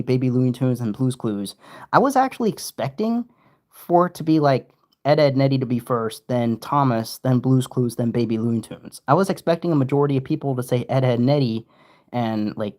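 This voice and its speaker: A young man giving casual, rambling livestream commentary, often interrupting himself. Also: medium pitch. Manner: rambling, self-interrupting, animated. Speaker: streamer.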